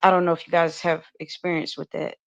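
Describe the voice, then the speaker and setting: A woman's voice: lowish voice, little pitch movement, fast. An American woman co-hosting a podcast, chatting casually, full of "like" fillers and restarts and laughing easily. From United States. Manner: talkative, many restarts and "like" fillers, laughs often. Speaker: podcast co-host.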